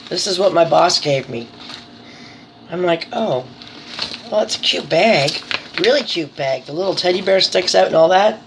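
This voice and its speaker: A woman's voice: lowish voice, lively intonation, a little slow, long pauses, noisy background. A middle-aged woman talking casually to camera at home, telling exasperated stories and breaking into laughing disbelief. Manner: chatty, exasperated storytelling that tips into laughing disbelief. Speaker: vlogger running a small home business. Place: her living room at home.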